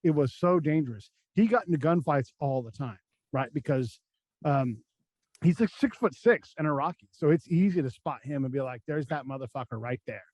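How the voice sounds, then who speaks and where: A man's voice: fairly high pitch, lively intonation, normal speed, a little mellow, dry recording. An American man, a former army combat spy, telling war stories as a podcast guest in a blunt, profane, casual way and acting out the lines of the people in them. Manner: blunt, profane, acts out quoted dialogue in his stories. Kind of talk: casual storytelling chat.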